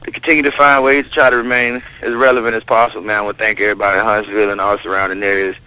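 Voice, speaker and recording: A man's voice: on the low side, little pitch movement, racing, pushed and bright, clean tone, dry recording, poor audio. A man from Florida, a rapper being interviewed, talking in a laid-back way with frequent fillers. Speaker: rapper guest. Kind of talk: phone interview chat.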